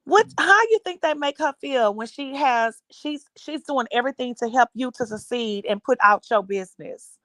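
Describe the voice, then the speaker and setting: A high-pitched woman chats and gossips on a livestream, laughing easily as she calls out to her viewers. Her voice is bright and sharp, and it sits dry and close to the mic. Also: normal speed, no room sound. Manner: animated, laughs often, calls out to chat. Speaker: stream co-host. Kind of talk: casual gossip chat.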